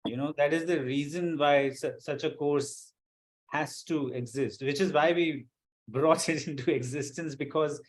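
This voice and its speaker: A man's voice: on the high side, fairly even intonation, unhurried. A man co-hosting a live online English class, speaking thoughtfully, restarting words as he explains. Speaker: co-host and English instructor.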